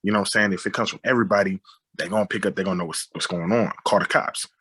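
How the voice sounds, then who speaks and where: Guy telling a story, kinda low and husky, sharp forceful delivery, does sound effects. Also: racing. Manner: frequent "you know what I'm saying". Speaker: guest, film director. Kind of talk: telling a personal story on a podcast.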